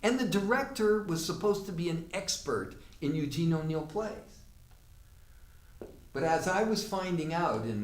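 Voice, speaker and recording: A man's voice: mid-range voice, a little hiss or hum. Rambling, cursing man telling stories. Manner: rambling, profane, with frequent restarts. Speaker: actor telling a theatre story. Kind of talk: storytelling monologue. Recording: roomy, mic far off, faint room ambience.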